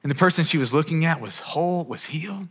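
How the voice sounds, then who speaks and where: A man's voice: on the high side, expressive, quick pace, fairly bright tone, husky. A man in his thirties preaching a sermon in an earnest, conversational way, often restarting his sentences. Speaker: pastor. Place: church auditorium. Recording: long hall reverb.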